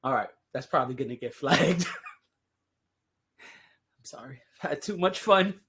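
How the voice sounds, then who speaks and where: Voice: mid-range voice, animated, a little fast, noisy background. A podcast host chatting casually on their own, full of playful jokes, sarcastic asides and frequent laughs. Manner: laughs often while talking. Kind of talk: casual solo podcast talk.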